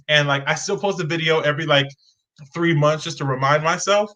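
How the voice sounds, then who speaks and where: A young man with a bright, forceful voice that sits a little high for a man. He tells his stories with plenty of energy and acts out the people in them. He is heard over a video call. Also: brisk, poor audio. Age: young adult. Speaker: guest. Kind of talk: animated storytelling.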